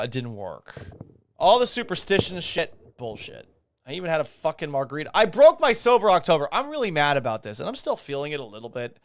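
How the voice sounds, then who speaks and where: In a clean, dry studio recording, a podcast host with a medium-pitched voice vents about his team's baseball defeat during a live stream. He reads out chat comments and reacts with casual, sarcastic, swear-filled animation.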